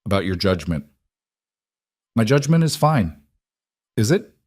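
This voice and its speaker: A man's voice: fairly low pitch, sing-song, unhurried, a little mellow, slightly rough, no room sound, studio quality, full character voice. A man voicing a cold, snobbish older female shopkeeper in a western audio story, stiff and scornful.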